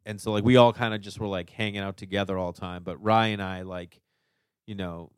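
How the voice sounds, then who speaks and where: A man's voice: deep voice, a little fast, clean tone, dry recording. Boston-accented man telling stories casually. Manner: animated storyteller, swears, lots of "you know what I mean". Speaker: stand-up comic, guest. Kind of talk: casual podcast chat.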